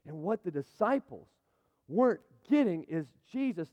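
A man preaching a sermon, emphatic and building to loud peaks as he speaks. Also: sits high, big pitch swings, normal speed. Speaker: pastor. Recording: dull sound, long hall reverb.

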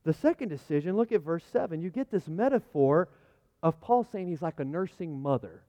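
Animated man preaching, slightly high voice. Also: brisk. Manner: animated, conversational preaching with repeated phrases. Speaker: pastor. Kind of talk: sermon. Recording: muffled lo-fi sound.

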